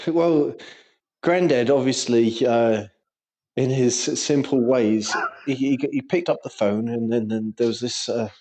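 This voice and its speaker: A young man co-hosting a podcast chats casually, swearing through his stories and banter. His voice is medium in pitch and warm, and he talks a little slowly.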